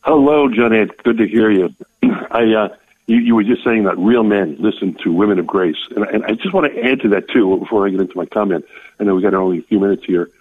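Older man caller, deep husky voice, tinny phone line. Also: a little fast. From Maryland. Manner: heartfelt, hesitant, choked up. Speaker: radio caller.

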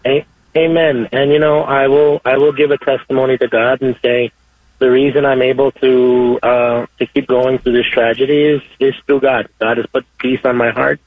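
A man calling in to a radio show, earnest and halting, often repeating himself as he gives his testimony. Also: medium pitch, dry recording. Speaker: caller. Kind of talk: call-in testimony. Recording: dry tinny phone line.

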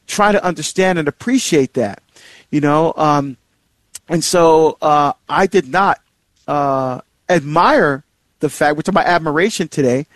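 A middle-aged man with a somewhat high voice, heard in a dry, close recording with no room sound. He hosts a marriage series and tells a personal story in a loose, rambling way. His talk is full of fillers and restarts, and his pitch leaps up sharply when he stresses a point. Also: measured pace, fairly bright tone, dry recording.

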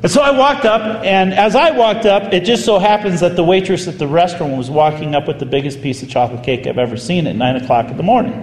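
A man, a priest, telling a story in a sermon with animated, vivid delivery. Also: high voice, fast, few pauses, slight background noise. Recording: echoey hall, faint ambience.

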